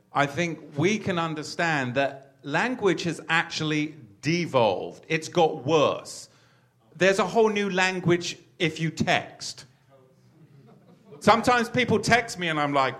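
A man's voice: fairly high pitch, a bit bright. A man hosting a religious teaching talk, repeating words as he finds his phrasing. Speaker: host.

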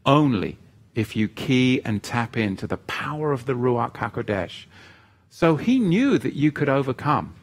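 A man teaching on a live stream and reading viewers' comments aloud. He talks in a feisty, teasing way, jumping from loud outbursts to soft asides, and leads a prayer. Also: mid-range voice, very animated, a little slow. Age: parent of children living at home.

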